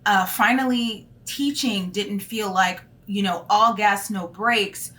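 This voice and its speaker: A woman's voice: medium pitch, slow. A woman in her thirties, a teacher, talking candidly in a casual vlog with plenty of fillers. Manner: candid and animated, lots of fillers.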